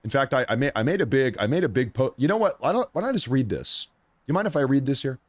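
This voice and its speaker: A man hosting a live news commentary stream, talking straight to his viewers with excitement while he is losing his voice. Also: medium pitch, fast. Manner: excitable, addresses viewers directly. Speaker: livestream host.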